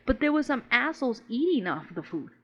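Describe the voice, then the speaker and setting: A woman chats on a podcast, trading stories in casual slang full of swearing and "bro." She is animated and often laughs mid-sentence. The recording is a bit dull and lo-fi. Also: a little high, brisk, a crowd in the background. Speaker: podcast co-host. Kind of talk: casual storytelling chat.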